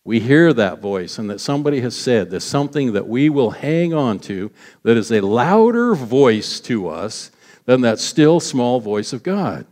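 A man preaches to his congregation in a relaxed, conversational way. His voice sits at a middle pitch. He acts out scripture quotes as he goes. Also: measured pace. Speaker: pastor. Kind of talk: sermon.

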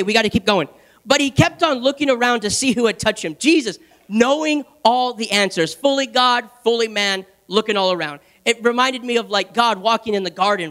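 A man's voice: high-pitched, a bit bright. A young adult man preaching a sermon with passion, repeating words and laughing at his own stories.

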